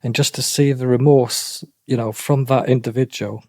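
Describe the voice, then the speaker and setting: A middle-aged man speaks haltingly, often circling back and repeating himself. His voice sits at an ordinary pitch. The sound is dry and close, with no room echo. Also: fairly even intonation, a little mellow. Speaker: interview guest. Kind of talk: emotional personal account.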